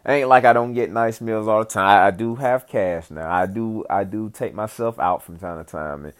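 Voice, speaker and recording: A man's voice: lowish voice, normal speed. A man telling a rambling, profane, comedic story in casual chat, full of fillers and asides.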